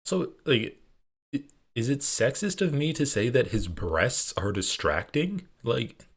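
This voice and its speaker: A man's voice: medium pitch, very animated, unhurried, breathy edge. A man live-streaming his reactions to online clips, sarcastic and profane, often laughing as he talks. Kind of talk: casual live-stream commentary.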